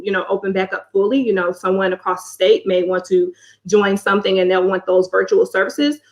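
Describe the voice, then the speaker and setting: A woman answers a judge's question over a video call at an ordinary pitch. She is friendly and loose, leaning on little fillers as she explains. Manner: friendly, many fillers like you know. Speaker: business founder answering judges. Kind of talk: conversational Q&A.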